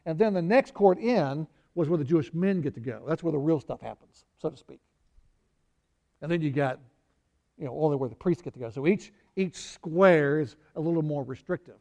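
A man's voice: a little high, dark tone. A man preaching a conversational Bible sermon, acting out quoted lines with small laughs and sighs. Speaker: pastor.

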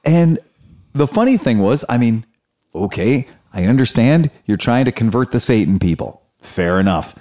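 A man telling stories in a casual chat, animated, acting out quotes. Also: medium pitch, normal speed. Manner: animated storyteller, acts out quotes, laughs often.

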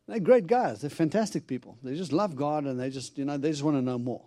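With a fairly high, fast voice, an itinerant preacher tells stories during a sermon to the congregation. He performs the quotes with animation and laughs often.

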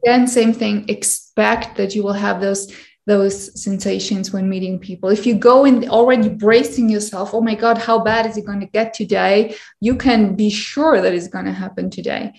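A woman's voice: mid-range voice, fairly even intonation, normal speed, creaky, darkish tone, roomy sound. A woman anxiety coach talking on a podcast, emphatic and acting out her clients' worried voices. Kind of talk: podcast conversation.

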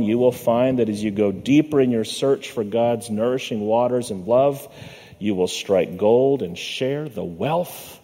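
In a church sanctuary, a male pastor preaches with a measured cadence and a dark tone, slowing down and dropping low on the words he wants to land. Long hall reverb surrounds his voice.

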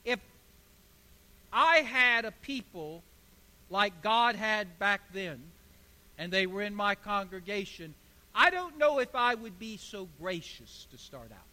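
High-voiced, slow, bright male preacher. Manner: emphatic preaching that swells to forceful declarations. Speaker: pastor. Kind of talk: sermon. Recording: hall reverb.

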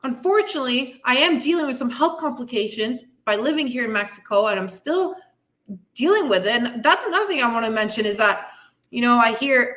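High bright-voiced woman, blunt and swearing. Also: expressive, a little fast. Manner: blunt, frequent swearing, tough-love pep talk; frustrated, venting. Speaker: fitness coach and podcast host. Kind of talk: candid motivational monologue.

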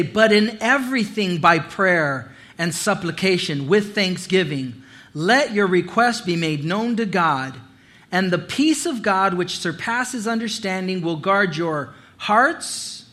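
A man, a pastor, preaching a sermon with animated storytelling. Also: high voice. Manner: animated storytelling, acting out voices and quotes.

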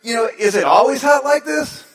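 A man's voice: extremely high pitch, lively intonation, normal speed, a bit bright, voice pushed up, heavily acted, low-quality recording. A man voicing an oblivious, chatty man who asks eager questions in a raised voice. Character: oblivious chatty male conference speaker.

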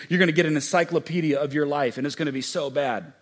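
A male pastor preaching a sermon with a fairly high voice. He moves between quiet, close passages and loud, urgent bursts. Quoted lines come out slow and heavily stressed. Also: steady tone. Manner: dynamic preacher, swings from hushed to loud and emphatic; acts out quoted speech with slow, drawn-out emphasis.

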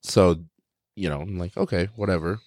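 A man's voice: low-pitched, moderate pace, a little mellow, no room sound. Profane storytelling man, dry close mic. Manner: profane, storytelling, imitates people he quotes. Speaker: podcast co-host. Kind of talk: casual chat.

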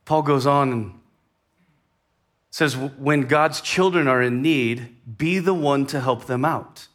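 A man preaching a sermon in a conversational way, rising in intensity and then dropping to a hushed tone. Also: mid-range voice. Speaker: pastor.

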